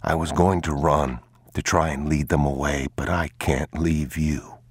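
A man voicing a desperate father who speaks to his son in a low, urgent whisper. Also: fairly even intonation, a little slow, husky, dry recording, heavily acted.

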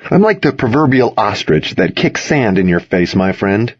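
A man's voice: fairly low pitch, big pitch swings, normal speed, breathy edge, lo-fi sound. A man voicing a sly, wisecracking teenage boy in an audiobook, with a smirking, needling delivery. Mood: wry teasing. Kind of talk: audiobook character voice.

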